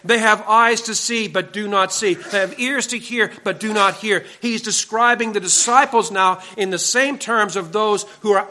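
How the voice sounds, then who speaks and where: A male pastor delivers an earnest sermon in a church, pressing his points with repeated, emphatic warnings. His voice sits high for a man and rings bright and forceful.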